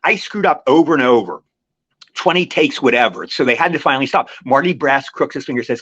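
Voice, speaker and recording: A man's voice: mid-range voice, expressive, fast talker, fairly bright tone, no room sound. An older man, an actor guest on an interview show, telling long rambling anecdotes in casual chat. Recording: dry, slightly muffled lo-fi recording.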